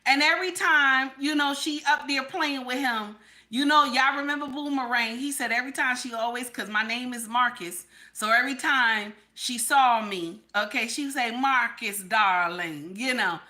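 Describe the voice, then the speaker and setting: A woman's voice: sits high, normal speed, pushed and bright. A woman hosting a live stream and talking with her chat in a casual way. She is blunt and profane, repeats her points, and keeps asking "okay?". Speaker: livestream host.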